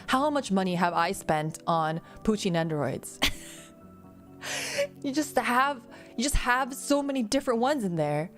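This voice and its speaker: A young woman streaming a casual Q&A, rambling through stories with lots of fillers, restarts and giggles. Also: on the high side. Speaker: VTuber streamer. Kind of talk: casual Q&A chat.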